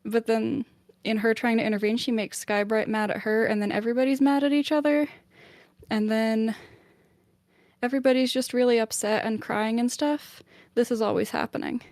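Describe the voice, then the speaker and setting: Chatty higher-voiced woman, dry sound. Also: moderate pace, no room sound. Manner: chatty, lots of "like", animated summarising. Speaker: book club podcast member. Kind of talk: casual retelling of a novel chapter.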